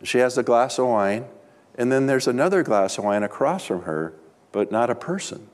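A man's voice: medium pitch, animated, normal speed. A middle-aged man, a pastor, preaching a sermon with humorous personal stories in a chatty, conversational way.

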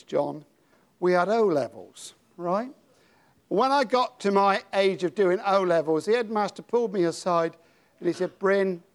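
An older British man preaching a sermon, dropping to a hush and then rising to dramatic shouts. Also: sits high. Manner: dramatic, swings from hushed to shouting.

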